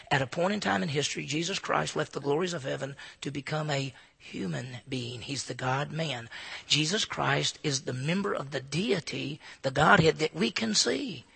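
A man preaching a sermon as pastor, emphatic and building to loud repeated phrases. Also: on the high side, vocal fry, slightly rough. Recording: long hall reverb.

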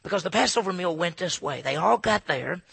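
A man delivers a lively expository sermon, slipping into hushed voices for asides. His voice sits high and sounds bright and gravelly. The recording is dry and close. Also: a little fast, no room sound. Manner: animated, acts out disciples' asides in hushed voices. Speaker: pastor.

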